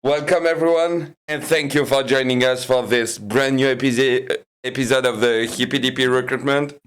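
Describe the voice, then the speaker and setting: A man hosting an online panel show, upbeat and quick, with many fillers as he moderates. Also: mid-range voice, steady tone, fairly bright tone. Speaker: host. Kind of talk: casual livestream panel chat.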